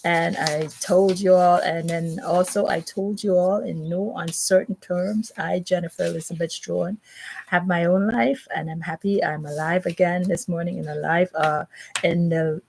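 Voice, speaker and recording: Gravelly woman rambling through news. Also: fairly low pitch, steady tone, moderate pace, darkish tone, slight background noise, poor audio. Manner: repetitive, restarts and stammers, emphatic. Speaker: vlogger commenting on news. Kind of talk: rambling monologue and reading news aloud.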